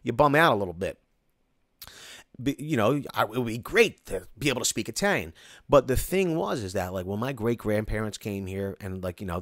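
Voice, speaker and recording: A man's voice: on the low side, no echo, studio quality. A middle-aged man with a Philadelphia accent, hosting a casual live Q&A and chatting in a rambling way as he reads viewer comments. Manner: rambling, restarts often, reads comments aloud. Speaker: construction company host answering viewer questions. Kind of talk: casual live-stream Q&A chat.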